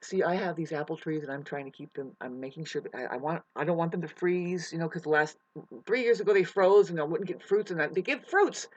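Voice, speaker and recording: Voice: mid-range voice, fairly quick, no room sound, dull audio. A vlogger ranting emotionally to camera outdoors in the mountains, swearing and rambling. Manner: emotional, profane, restless.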